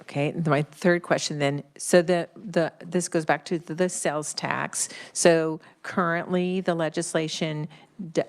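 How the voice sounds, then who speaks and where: Low-voiced senator questioning a witness. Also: female voice, steady tone. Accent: American Midwest. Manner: halting, hesitant questioning with restarts. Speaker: state senator. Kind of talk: committee questioning. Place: legislative hearing room.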